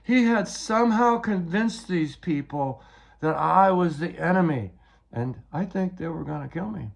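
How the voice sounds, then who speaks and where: A man's voice: on the high side, lively intonation, measured pace, creaky. An older man giving a rambling, agitated personal account, often repeating words as he retells events.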